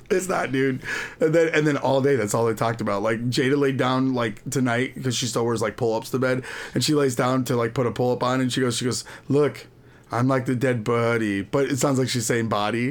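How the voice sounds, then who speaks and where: A man in his thirties co-hosting a podcast, telling rambling stories in casual chat, full of "like" fillers. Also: medium pitch. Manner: rambling storyteller, lots of "like" fillers, quotes his kids. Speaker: podcast co-host.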